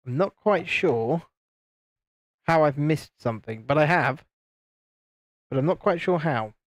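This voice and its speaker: While putting together LEGO on a live stream, a man from the UK chats casually, pokes fun at his friends by copying them in higher voices, and reads viewer comments. No room sound is audible.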